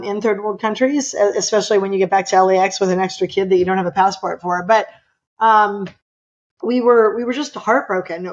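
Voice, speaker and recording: A woman's voice: medium pitch, lo-fi sound. A middle-aged woman from California, a podcast guest telling a personal story with emphatic, impassioned delivery. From California, USA.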